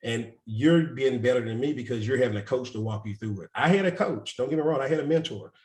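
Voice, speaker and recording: On a group video call, a real estate investing coach tells candid stories, loose and self-mocking, laughing often. His medium-pitched voice is fast and darkish with lively intonation, and the recording has a roomy echo.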